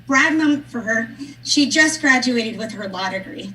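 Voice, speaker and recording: A woman's voice: fairly high pitch, lively intonation, normal speed, sharp tone, distant mic, low-quality recording. A woman in her thirties, a political candidate, giving an earnest, personal speech on a live stream with a touch of humor. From Nebraska. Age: 30s. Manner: earnest, personal, lightly joking.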